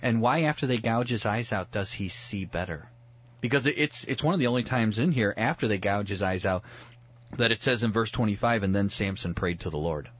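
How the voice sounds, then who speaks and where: Earnest low-voiced man teaching scripture. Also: fairly quick, breathy edge, muffled recording. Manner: earnest, reflective, with frequent restarts. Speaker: pastor, radio guest. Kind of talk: conversational Bible teaching.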